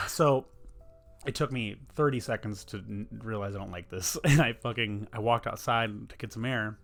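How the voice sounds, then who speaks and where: A man's voice: lowish voice, moderate pace, gravelly, fairly bright tone, faint music behind. A young man, telling a rambling, profane story in a casual podcast chat. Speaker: podcast host.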